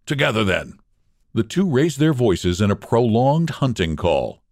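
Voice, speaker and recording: A man hosting a literature podcast and reading a short story aloud with expressive, dramatic narration. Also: mid-range voice, unhurried, no echo, studio quality. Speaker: podcast host and reader.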